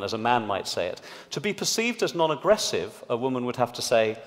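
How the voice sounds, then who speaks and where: A man giving a public talk to a live audience in a large hall, explaining an experiment in a lively way. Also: mid-range voice, fast talker, few pauses. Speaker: panelist. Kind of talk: public talk at a debate event. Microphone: amplified stage microphone. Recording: long hall reverb.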